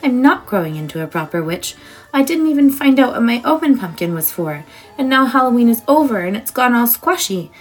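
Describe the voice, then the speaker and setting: A woman's voice: on the low side, animated, a little fast, a little mellow, slightly rough, soft background music, full character voice. Woman voicing a tearful little girl witch. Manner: quavering, pleading. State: crying. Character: small young girl witch, earnest and tearful.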